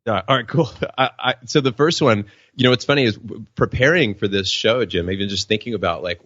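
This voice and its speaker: Guy telling stories on a podcast, lowish voice, jumps way up when quoting people, dry dull audio. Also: a little fast, hardly any pauses, dry recording. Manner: animated, acts out quotes in a raised voice. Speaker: podcast guest, professional speaker. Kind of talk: storytelling interview answer.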